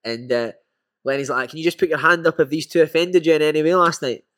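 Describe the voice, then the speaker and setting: Scottish ex-footballer, quick and slightly high voice, animated storyteller. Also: male voice. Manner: animated anecdotes, swearing, laughing. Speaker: former footballer guest. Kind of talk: casual storytelling chat.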